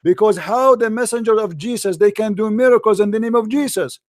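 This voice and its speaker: A man's voice: high-pitched, brisk. A man hosting a heated call-in debate, impatient and interrupting, repeating himself. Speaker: debate show host.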